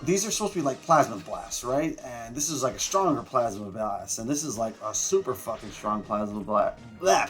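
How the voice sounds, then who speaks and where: A gameplay streamer with a mid-range, slightly bright voice gives rambling, casual let's-play commentary. He uses lots of fillers and swears mildly now and then.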